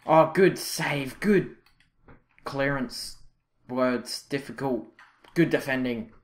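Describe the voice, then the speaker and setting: A young man commentating his own football video game, reacting loudly and with frustration to misses and saves. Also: medium pitch, takes it slowly. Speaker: gaming channel host. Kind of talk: live gameplay commentary.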